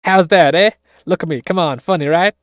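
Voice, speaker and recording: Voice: medium pitch, fairly quick, dry recording, clean studio sound, pitched above the performer's own voice, close to an everyday voice. A streamer voicing a playful, mischievous young boy with a teasing manner. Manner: teasing, loud.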